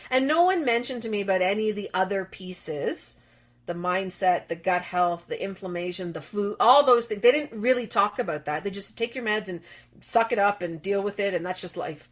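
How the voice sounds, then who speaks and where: A middle-aged woman, a guest on an interview, who tells lively stories and acts out the dialogue she quotes. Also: mid-range voice, moderate pace. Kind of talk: conversational interview.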